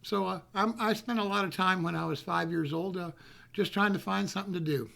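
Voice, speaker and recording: A man's voice: high-pitched, brisk, gravelly, a bit bright. A man telling a rambling, folksy childhood story, often repeating himself. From North Carolina. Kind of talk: casual storytelling.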